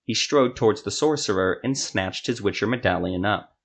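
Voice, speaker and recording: A man narrating a scripted fantasy story for a podcast in a steady, even storytelling manner. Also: on the low side, normal speed, vocal fry, husky.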